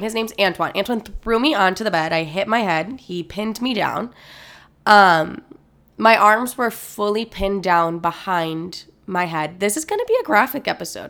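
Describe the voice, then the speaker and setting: A woman's voice: medium pitch, a bit bright. A young woman hosting a podcast episode, telling a personal story candidly, with frequent swearing and many uses of "like". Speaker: podcast host.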